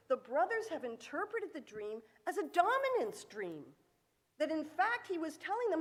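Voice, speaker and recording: A woman's voice: high-pitched, sing-song, moderate pace. A woman giving a sermon in a synagogue sanctuary, telling a story with vivid acted-out quotes and rhetorical questions. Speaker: sermon speaker. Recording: echoey hall.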